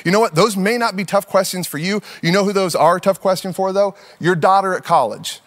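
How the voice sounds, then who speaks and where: A man in his thirties preaching a sermon in a conversational, animated storytelling manner, slipping into playful put-on voices. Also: high-pitched, brisk, hardly any pauses, long reverb tail. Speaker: pastor.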